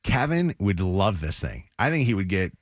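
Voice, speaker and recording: A middle-aged man hosting a morning radio show, telling a story in an animated, chatty way. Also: low-pitched, normal speed, dry recording, studio quality. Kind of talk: casual morning radio chat. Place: radio studio.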